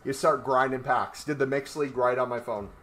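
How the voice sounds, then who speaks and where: A man's voice: medium pitch, fairly even intonation, fairly quick, a bit bright. A man chatting casually on a gaming livestream, rambling and joking while he walks on a walking pad. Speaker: gaming streamer.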